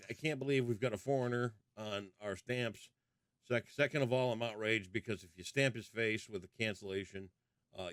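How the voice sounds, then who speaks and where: A man, co-hosting a casual show and ranting in deadpan mock outrage. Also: on the low side, no echo, studio quality. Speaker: co-host. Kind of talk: casual banter.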